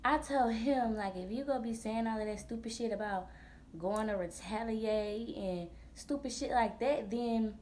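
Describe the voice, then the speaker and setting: A woman in her twenties, a vlogger telling a storytime in a blunt, profane, animated way full of slang. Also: a little high, moderate pace, a little hiss or hum. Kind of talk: storytime vlog.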